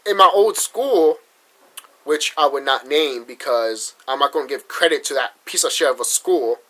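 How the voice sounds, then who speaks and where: In this rough recording, a young Massachusetts vlogger vents at a normal pace, his medium-pitched voice bright and forceful. He swears freely, talks bluntly, and keeps starting his thoughts over in a frustrated, casual rant.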